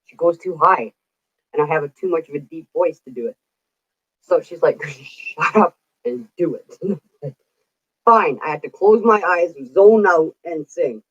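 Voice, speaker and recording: A woman's voice: low-pitched, a little slow, pauses often, slightly rough, highs cut off. A middle-aged woman telling stories in casual chat, chatty, laughing often and swearing casually. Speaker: vlogger.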